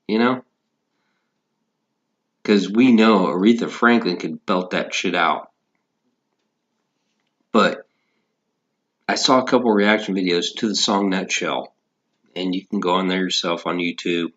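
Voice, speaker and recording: A man's voice: sits low, fairly bright tone, muffled recording. A man in a casual, profane, rambling rant about music, talking as a podcast host.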